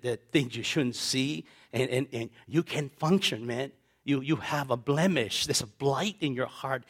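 A middle-aged pastor preaching with passion, circling back on his own phrases before they build. His voice sits in an ordinary male register, neither high nor low, and he swings between quiet, drawn-out stretches and sudden loud swells. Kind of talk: sermon.

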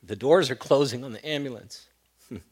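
A middle-aged man preaching a sermon as pastor, moving between loud emphatic points and quiet storytelling. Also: mid-range voice, moderate pace, slightly rough.

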